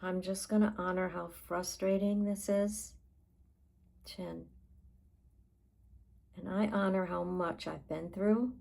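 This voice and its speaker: Slow, gravelly-voiced woman life coach. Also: lowish voice, poor audio. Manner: calm, unhurried guiding with pauses. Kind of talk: guided tapping session.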